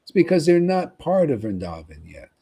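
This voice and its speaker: A man giving an informal, rambling devotional talk to followers, often pausing to ask "see?" and repeating himself. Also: on the high side, sing-song, dark tone, slightly rough. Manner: conversational, rambling, repeats words and asks "see?". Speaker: spiritual teacher.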